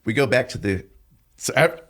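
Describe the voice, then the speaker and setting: A man tells stories as a podcast guest, his voice swinging widely in pitch. He swears freely and gets loud when he quotes other people. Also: normal speed. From New York. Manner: animated, profane, shouts when quoting others. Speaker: podcast guest, police detective and drill sergeant. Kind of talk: casual storytelling.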